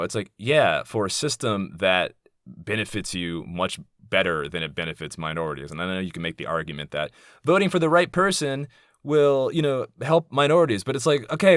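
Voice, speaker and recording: A man's voice: low-pitched, expressive, fairly quick, fairly bright tone, no room sound, clean studio sound. A man in his thirties hosting a solo podcast, talking candidly and rambling, profane and heated when indignant. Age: 30s. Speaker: podcast host.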